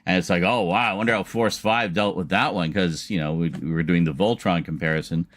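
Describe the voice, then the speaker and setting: A man's voice: deep voice, fairly even intonation, brisk, fairly bright tone, dry recording. A man streaming a casual chat, telling a long story in a rambling way with laughs and restarts.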